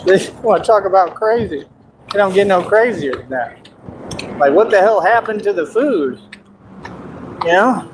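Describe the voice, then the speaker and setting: A man's voice: sits high, lively intonation, a little slow, pauses often. A man ranting on his livestream, mocking and boastful, and laughing at his own jokes. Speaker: streamer. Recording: noisy background hiss.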